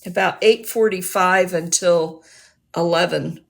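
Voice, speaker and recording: A woman's voice: fairly low pitch, unhurried, gravelly. A woman chatting casually on a livestream in a rambling, chatty way, laughing often.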